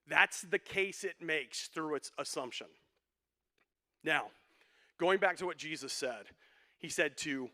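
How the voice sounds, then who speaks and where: Male preacher, slightly high pitch, crisp bright tone, casual jokey sermon delivery. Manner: joking, conversational, with quick asides. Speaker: pastor.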